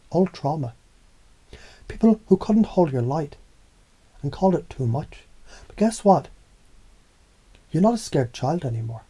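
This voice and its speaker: Husky dark-voiced man preaching intensely. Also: fairly high pitch. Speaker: motivational speaker. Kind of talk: scripted motivational monologue.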